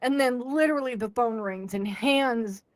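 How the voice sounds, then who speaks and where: A woman's voice: a little high, moderate pace, no room sound. A young adult woman hosting a podcast, telling a story in casual chat, acting out quotes and laughing along. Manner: animated, acts out quotes with laughs.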